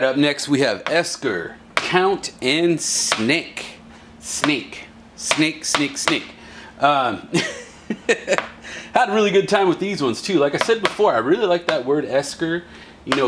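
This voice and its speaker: A laid-back man talks through a casual demo video with slang and jokes. His pitch sits mid-range. Clear background noise fills the warehouse around him. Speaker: art supply shop demonstrator.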